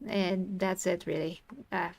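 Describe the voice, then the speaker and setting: A woman's voice: on the low side, fairly even intonation, darkish tone. Earnest woman streamer arguing her point. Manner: earnest, insistent, quick to apologize. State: tired from talking. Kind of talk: live stream discussion.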